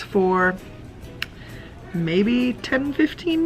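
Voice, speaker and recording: A woman's voice: medium pitch, animated, slow pace, vocal fry, faint music behind. A woman vlogging casually about her meals, chatty and rambling with lots of filler words. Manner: chatty, rambling with many ums. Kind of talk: casual food diary vlog. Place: home.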